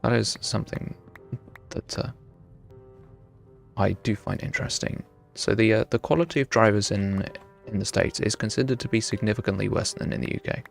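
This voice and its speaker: A man's voice: lowish voice, steady tone, normal speed, gravelly, faint music behind. A young man from the UK, chatting casually and self-mockingly while streaming a game and answering chat. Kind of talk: live gameplay chat.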